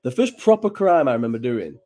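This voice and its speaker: Very animated and brisk, this man's medium-pitched, mellow voice carries his rambling, chatty late-night live chat from home. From Bolton, England, he swears freely while a child is nearby.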